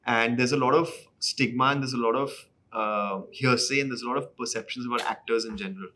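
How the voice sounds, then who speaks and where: An actor recounts stories with animated energy, often acting out both sides of a conversation. His voice sits in an ordinary middle range, and he jokes at his own expense. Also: medium pitch, a little fast, very noisy. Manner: animated, acts out dialogue in other voices; self-deprecating, mixes in Hindi phrases. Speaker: actor, interview guest. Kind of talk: anecdotal storytelling.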